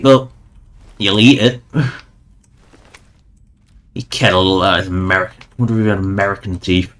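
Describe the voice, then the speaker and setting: A man's voice: fairly low pitch, a bit bright. Wry rambling male game streamer. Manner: rambling, wry, chuckling asides. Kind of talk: casual gameplay commentary.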